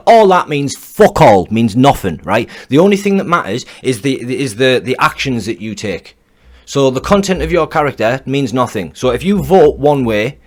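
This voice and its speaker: A man talks over clips in a blunt, heated reaction rant at an ordinary middle pitch. He swears freely and circles back over the same points, his voice rising as he gets angrier. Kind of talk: ranting reaction commentary.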